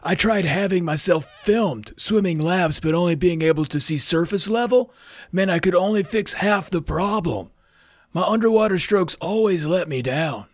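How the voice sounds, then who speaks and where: A man's voice: high voice, lively intonation, normal speed, dry recording, clean studio sound, voice pushed up. A man putting on a laid-back, drawling surfer-dude voice in the style of a famous actor, as a podcast comedy bit. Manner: drawling, easygoing.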